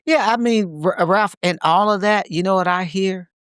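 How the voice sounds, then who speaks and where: A man's voice: high voice, normal speed, a bit bright, smooth, no room sound, studio quality. A man co-hosting a podcast in a reflective, casual conversation, speaking emphatically and repeating phrases to drive his points home. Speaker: podcast co-host.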